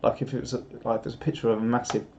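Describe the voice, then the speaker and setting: A man chatting on a live stream, rambling and laughing at himself. His voice is mellow and relaxed. The audio is dull and lo-fi. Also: medium pitch, very fast, a little hiss or hum. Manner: rambling, self-mocking, laughs often. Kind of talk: casual live-stream chat.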